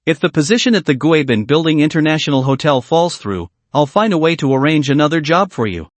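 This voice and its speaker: A man voicing a calm, generous young man who talks casually, within a recap narration. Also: a little high, a little fast, dry recording, lightly acted. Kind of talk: recap narration with character voices.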